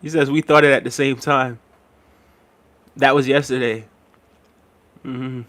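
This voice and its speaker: A laid-back American man chats casually on his livestream, reading comments aloud and chuckling a lot. His mid-range voice is a bit bright, his delivery flat and unhurried.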